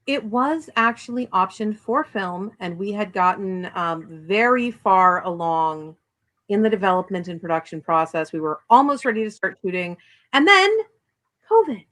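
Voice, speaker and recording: A woman's voice: mid-range voice, moderate pace, fairly bright tone, poor audio. A woman author being interviewed in a casual chat, talking bluntly and animatedly, with self-deprecating humor. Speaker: author guest.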